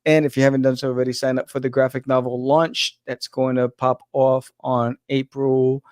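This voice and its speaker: A man's voice: medium pitch, little pitch movement, normal speed, a little mellow, no echo, studio quality. A man hosting a podcast, wrapping up the episode in a casual, upbeat way with lots of fillers. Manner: upbeat, rambling with many fillers. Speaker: podcast host.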